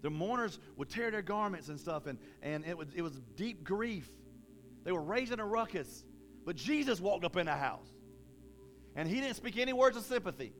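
A man preaching a sermon in a casual, folksy way, with animated bursts of emphasis. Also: high voice, normal speed, soft background music.

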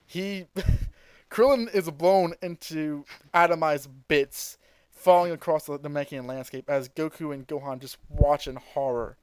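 Smooth-voiced man recapping animatedly. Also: a little high, unhurried, no echo, rough recording. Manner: animated storytelling, often laughs and acts out quotes. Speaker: podcast host. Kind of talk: casual podcast recap of a cartoon episode.

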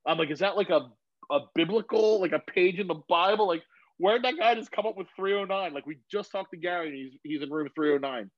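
A man's voice: high voice, brisk, no room sound. Rambling man on a dull video call. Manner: rambling, swears freely, animated when retelling. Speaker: guest. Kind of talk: casual storytelling over video call. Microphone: phone on video call.

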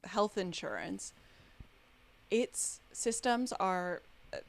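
A woman with a North American accent hosting a casual podcast chat, telling stories in a lively, chatty way. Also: medium pitch, slow pace, gravelly. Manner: chatty, animated storyteller. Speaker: podcast host.

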